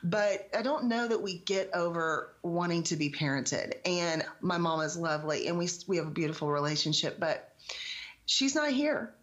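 A woman in her forties speaks in a fairly low voice. She is the guest author in a relaxed podcast chat and talks frankly and bluntly. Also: normal speed, muffled recording. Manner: blunt, candid. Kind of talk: casual podcast conversation.

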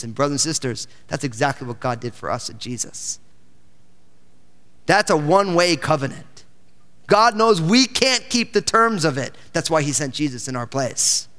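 A man's voice: on the high side, a bit bright. A male pastor preaching a sermon, reading scripture aloud and breaking in with exclamations. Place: church sanctuary. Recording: church hall with long reverb.

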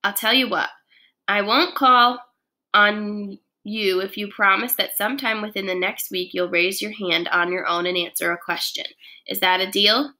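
A woman's voice: medium pitch, fairly even intonation, bright, forceful tone, natural voice. A woman voicing a stern, grumpy middle-aged woman teacher who speaks in a clipped, grumbling way. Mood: firm. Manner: clipped, grumbling, slow and menacing when angry.

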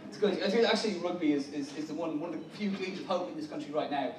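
Irish stand-up, high voice, wry rambling delivery, distant mic in a noisy room. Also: male voice, quick pace, reverberant. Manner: wry, rambling, self-correcting. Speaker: stand-up comedian. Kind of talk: stand-up comedy set. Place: large hotel conference hall.

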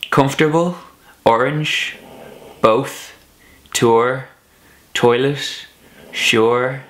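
Young Irish man with a gravelly low voice. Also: a bit bright. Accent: soft Irish, slightly Americanized. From Ireland. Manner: rambling, many filler uhs and ums. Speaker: vlogger. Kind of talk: casual vlog chat. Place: home room, dog snoring behind.

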